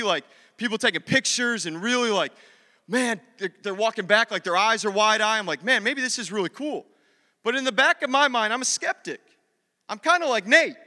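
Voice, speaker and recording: A male pastor preaching a sermon in a church, telling a story with lively acted-out dialogue. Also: sits high, long reverb tail. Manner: animated storytelling, acts out dialogue.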